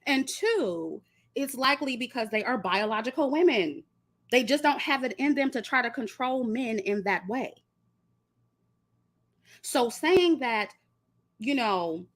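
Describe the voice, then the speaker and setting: A woman's voice: on the high side, lively intonation, a little slow. A woman giving an emphatic opinion monologue and speaking straight to her viewers. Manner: blunt, emphatic, addresses viewers directly. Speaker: commentary vlogger.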